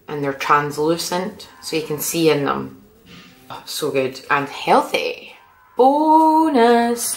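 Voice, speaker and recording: A woman vlogger talks to camera in a low-pitched, easygoing voice. She chats in an animated, slightly sweary way. The sound is roomy, with a clear echo. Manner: chatty and animated, with mild swearing. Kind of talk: casual chat to camera. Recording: echoey room.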